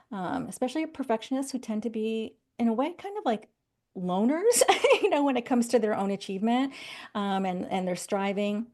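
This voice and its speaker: A middle-aged woman, a psychologist guest on a podcast, telling stories with lively, acted-out quotes. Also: mid-range voice. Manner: animated storytelling, acting out quoted voices. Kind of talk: podcast interview.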